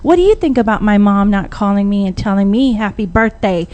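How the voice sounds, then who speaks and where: A woman in her 40s with a brisk, mid-range voice hosts a casual radio talk show. She's an animated storyteller who acts out the voices of the people she quotes.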